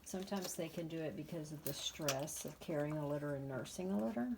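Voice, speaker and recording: A woman in her fifties with a low, deep-set voice talks in a loose, chatty way, blunt and a little exasperated. A faint hiss sits under her talk. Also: brisk. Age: 50s. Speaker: dog breeder. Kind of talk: casual vlog chat. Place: dog kennel.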